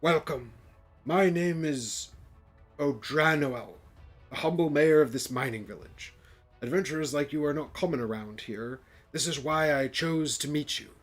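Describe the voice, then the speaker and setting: A man puts on a regal male dwarf mayor who speaks in stiff, formal phrases, higher than a plain voice and pushed out loud. He sounds busy and guarded, a storybook village ruler played by a board game streamer. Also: a little slow, faint music behind. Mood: wary, stately. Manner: formal, stately speech.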